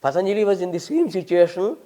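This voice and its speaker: With a high, sing-song, dark-toned voice, an older man from India talks fast as he answers questions from the audience. He's a visiting Sanskrit scholar whose Indian English delivery is emphatic and lecturing, with wry humour.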